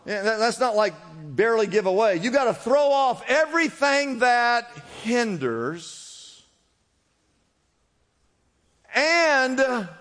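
Male pastor, high voice, fervent sermon, repeated exhortations, long hall reverb. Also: sing-song, measured pace, a bit bright. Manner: preaching with rising fervor, repeated exhortations.

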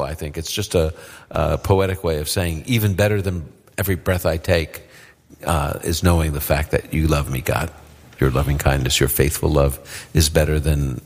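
A man hosting a live radio Q&A, explaining Bible verses in a relaxed, conversational way with fillers. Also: extremely low pitch, long reverb tail. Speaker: radio host answering Bible questions. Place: live audience event.

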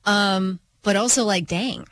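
A woman's voice: mid-range voice, measured pace, fairly bright tone. A woman co-hosting a casual sports talk show, chatty and giggly, filling her talk with "like". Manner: giggly, chatty, lots of fillers like "like". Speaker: co-host.

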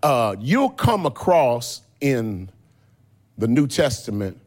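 A man preaching a sermon who swings from plain speech into a sung, shouted preaching cadence. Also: mid-range voice, very animated, takes it slowly. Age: older.

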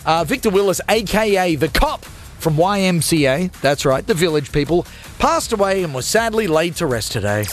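A man hosting a live radio show, joking and teasing upcoming segments in a self-mocking, energetic way. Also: high-pitched, normal speed, soft background music. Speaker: radio host.

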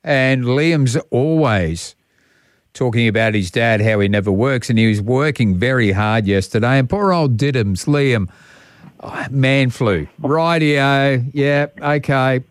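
An Australian man hosting a radio show, his voice at a middle pitch and recorded close and dry. He chats in a jokey, teasing way, with a relaxed and friendly bounce. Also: measured pace, smooth, no room sound. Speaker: radio host. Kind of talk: casual radio chat.

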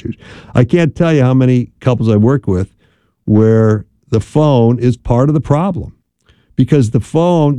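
Man, middle-aged, radio host, very mellow dark voice, dry studio sound, chatty and emphatic. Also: mid-range voice, dry recording. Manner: chatty, emphatic, repeats words for stress. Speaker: radio host and marriage counselor. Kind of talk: casual radio talk with advice. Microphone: studio microphone.

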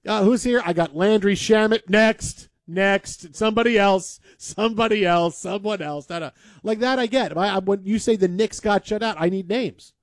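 A man co-hosting a sports talk show, rambling and animated, with lots of repeated words. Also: sits high, a little fast, hardly any pauses, dry recording, clean studio sound. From Detroit area. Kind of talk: casual banter.

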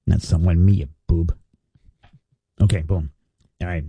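A man's voice: sits low, fairly even intonation, normal speed, pauses often, mellow, husky, no echo. A man hosting a morning radio show, bantering playfully and laughing as he reads chatbot replies aloud.

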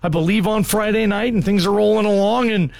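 Sports talk radio guy, high voice, jokey banter, dead dry mic. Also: a little fast, gravelly, a little mellow, dry recording. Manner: joking, ribbing co-host.

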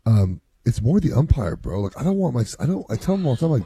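A man's voice: mid-range voice, quick pace, breathy edge. A middle-aged man, a youth baseball coach and dad, chatting casually and acting out quotes as he tells stories. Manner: animated storytelling, acts out quotes. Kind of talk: casual chat.

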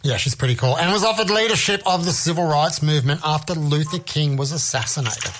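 A man with a somewhat high voice hosts a music radio show. He chats loosely between songs and keeps throwing in self-mocking asides. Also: fairly quick, fairly bright tone, slight background noise. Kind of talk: casual radio chat.

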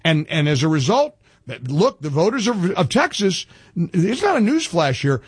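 A male talk radio host with a fairly high, husky voice, swinging his pitch widely as he rants rapid-fire and keeps restarting his sentences. The sound is dry and close, with no room around it. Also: very animated, dry recording. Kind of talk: opinionated talk radio banter.

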